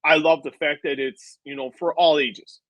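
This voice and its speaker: A dad telling a rambling story. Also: male voice, a little high, moderate pace, no room sound, rough recording. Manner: rambling, animated anecdote with many asides. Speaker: interviewer. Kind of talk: casual interview storytelling.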